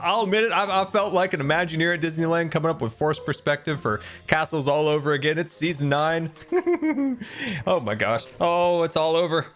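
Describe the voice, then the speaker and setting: A man giving excitable gameplay commentary, often exclaiming, laughing and talking to himself and to the creatures in the game. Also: on the high side, moderate pace. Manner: exclaims and laughs often, repeating panicked cries. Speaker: gaming video creator.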